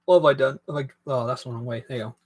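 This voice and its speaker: A man's voice: medium pitch, fairly even intonation, rapid-fire, slight background noise. A man hosting a casual live stream while building a toy set, rambling and self-deprecating as he reads viewer comments aloud.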